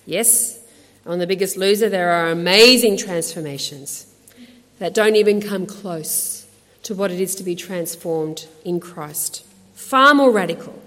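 A woman with an Australian accent gives a conversational, animated sermon with chatty asides, ending in prayer. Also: on the low side, unhurried, in a large hall. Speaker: speaker at a women's ministry talk.

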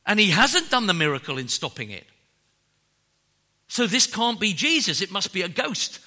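Male preacher, dramatic sermon delivery, bright and high, very animated pitch. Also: normal speed. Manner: dramatic preaching that swings from loud to hushed.

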